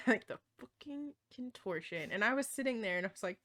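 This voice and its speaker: A woman's voice: fairly high pitch, expressive, brisk, a bit bright. A woman co-hosting a podcast in casual chat, laughing often and swearing freely. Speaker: podcast co-host.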